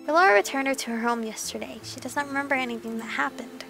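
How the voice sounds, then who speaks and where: A woman reading the lines of a gentle young man in a visual novel, in a quiet, earnest, formal way. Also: high voice, fast talker, gravelly, over music. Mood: tender. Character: gentle young man, formerly cursed, soft-spoken.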